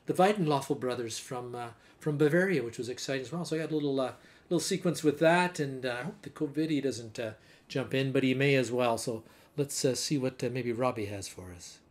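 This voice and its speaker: A middle-aged man from Canada hosting a live online show, chatting casually with many halting fillers. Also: mid-range voice. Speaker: show host. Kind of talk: casual livestream chat.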